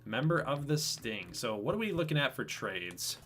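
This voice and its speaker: A man's voice: medium pitch, very animated, normal speed, a bit bright. A man casually hosting a baseball video game franchise livestream, chatting with viewers by name. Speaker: host of a franchise stream.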